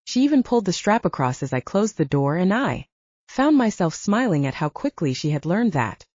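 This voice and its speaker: A woman narrating a first-person audiobook in an expressive storytelling manner, close to the mic. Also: on the low side, normal speed, no echo. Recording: slightly dull, dry recording.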